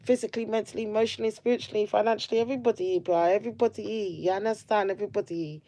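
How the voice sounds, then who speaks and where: A woman telling a personal story to camera in a chatty, animated way, full of slang and asides. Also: mid-range voice, very fast, dry recording. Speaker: vlogger.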